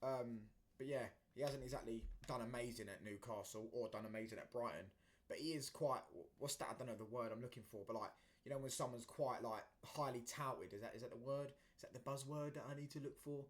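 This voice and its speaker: A man rants about football as the host of his own talk show. His voice sits at an everyday middle pitch. He talks in a rambling way, stumbling over his words with fillers and restarts, and keeps flaring up into heated outbursts. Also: steady tone, quick pace. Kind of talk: casual opinion rant.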